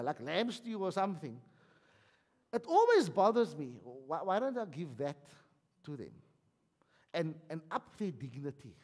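A South African man delivers a sermon, chatty and funny, in a fairly high voice. His pitch swings widely as he preaches. The voice rings with the long reverb of a hall. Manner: animated, conversational preaching with humor. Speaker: pastor.

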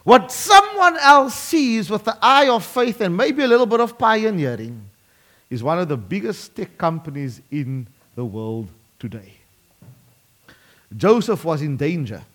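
A man preaching a sermon, emphatic and slowing down dramatically to drive points home. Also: high voice, very animated, a bit bright. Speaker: pastor.

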